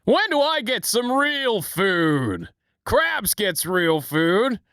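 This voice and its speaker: A man's voice: high voice, very animated, extremely slow, a bit bright, smooth, no room sound, studio quality, voice pushed up, full character voice. A man voicing a tiny scheming male cartoon plankton with a whiny, complaining manner.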